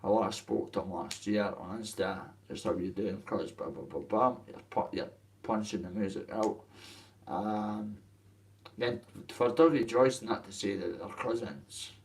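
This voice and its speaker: A man's voice: lowish voice, measured pace, gravelly, recorded from a distance, a little hiss or hum, rough recording. A young Scottish man talking to viewers in a rambling, emotional livestream chat, swearing freely. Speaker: streamer addressing viewers.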